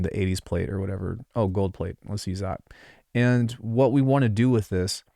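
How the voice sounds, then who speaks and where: A man with a lowish, darkish voice records a casual music production tutorial over his screen, with no room sound thanks to a close desk mic. He rambles casually and offhandedly, dropping in many fillers and asides.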